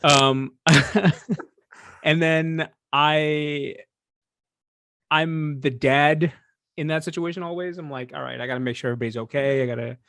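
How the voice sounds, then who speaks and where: A man's voice: fairly high pitch, steady tone, a little slow, long pauses, a bit bright, no room sound. Man, podcast co-host, casual chat, self-deprecating stories, dry close sound. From Punjabi background. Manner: chatty, self-deprecating storyteller.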